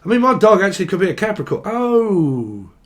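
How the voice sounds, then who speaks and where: A man's voice: high-pitched, racing, a bit bright. A man giving a casual tarot reading, joking and swearing, and breaking into song now and then. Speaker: tarot reader.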